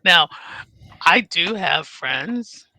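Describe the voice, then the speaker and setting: A woman in her fifties chatting frankly as a podcast co-host, telling stories with animated, acted-out dialogue. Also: lowish voice, very slow, dry recording. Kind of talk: casual chat.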